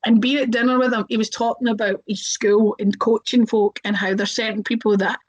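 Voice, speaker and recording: A woman's voice: a little high, level tone, brisk, breathy edge, rough recording. A young woman, a wrestler, telling stories casually in an interview, chatty, with lots of fillers and voices acted out.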